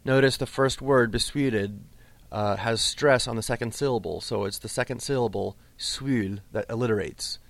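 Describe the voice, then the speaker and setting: A man teaching a lesson on Old English poetry, explaining patiently and slowing right down to recite the verse. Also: mid-range voice, creaky, no room sound. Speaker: literature teacher.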